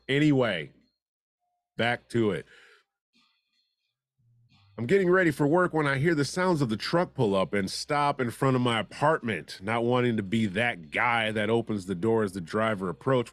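A man's voice: medium pitch, moderate pace, no room sound, faint music behind. Sarcastic man hosting comedy news. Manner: sarcastic, with wisecracking asides. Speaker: host of a comedy news show. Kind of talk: joking news commentary.

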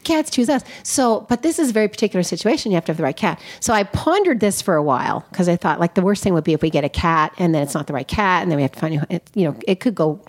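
A woman veterinarian chatting as a podcast guest, animated and quick to laugh, often asking rhetorical questions. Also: on the low side. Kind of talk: casual podcast conversation.

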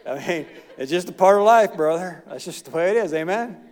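Middle-aged male pastor, folksy sermon, slightly high voice, long church reverb. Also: expressive, brisk, a little mellow. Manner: folksy, plain-spoken preaching with asides and chuckles.

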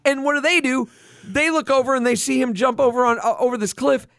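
A man's voice: very high voice, fairly even intonation, quick pace, gravelly, a bit bright, no room sound, studio quality. A man co-hosting a movie podcast, ranting in exasperated, profane casual chat. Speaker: podcast co-host.

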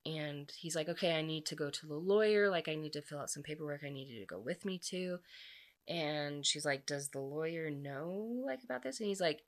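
At a moderate pace and in a low voice, a woman casually recounts a story's plot. She's chatty and uses lots of fillers, briefly performing the characters' lines.

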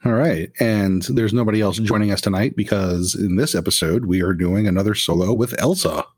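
Brief: male game master, lowish husky voice, dry close sound. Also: a little fast, darkish tone, no room sound. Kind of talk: running a tabletop game.

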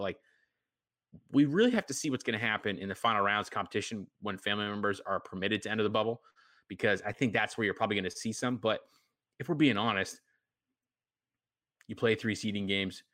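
A low-voiced man from Maine co-hosting a casual podcast. He talks in a wry, loose way, dotting his sentences with "you know" and "like." The sound is close and dry. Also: fairly bright tone, no echo. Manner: wry, conversational, with many "you know" and "like" fillers. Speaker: podcast co-host. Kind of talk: casual chat.

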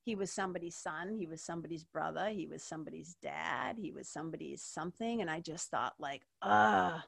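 This woman hosts a podcast interview and recounts something personal in a frank, emotional way, using "like" heavily and swearing without restraint. Her low voice is gravelly with a breathy edge, and she talks fast.

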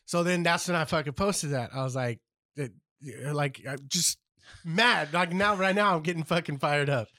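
A man's voice: on the high side, moderate pace, pushed and bright, no room sound, clean studio sound. A man co-hosting a casual podcast, ranting with lots of profanity. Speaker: podcast co-host.

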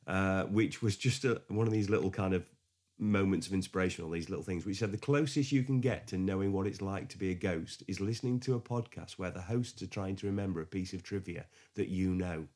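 Deep-voiced guy cutting in on a chat, hesitant, chuckly. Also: brisk, a little mellow. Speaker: podcast co-host. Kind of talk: casual chat.

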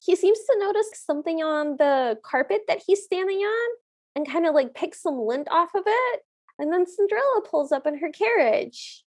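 A woman's voice: extremely high pitch, animated, moderate pace, no room sound, studio quality. A woman co-hosting a podcast, recapping a film in enthusiastic, chatty conversation. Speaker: podcast co-host. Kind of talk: casual film recap chat.

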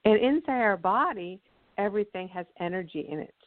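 A woman speaker explains things earnestly in a teaching manner, stopping now and then to tell a story. Her voice sits at a middle pitch, and the phone-like line makes it sound tinny and dry. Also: expressive, fairly quick, no room sound. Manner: earnest, teaching, acts out quotes. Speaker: guest speaker.

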